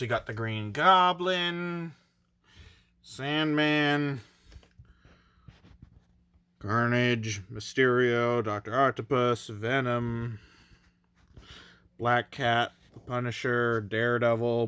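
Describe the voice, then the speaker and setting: A young man talks in an unhurried, halting ramble full of ums and self-deprecating asides. He sounds tired from the late hour. His voice is smooth and clean, with a close, dry sound. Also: mid-range voice, fairly even intonation, pushed and bright, no room sound. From Canada. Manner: hesitant, rambling, self-deprecating, many fillers. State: tired, recording late at night. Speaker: toy reviewer. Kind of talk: casual review vlog.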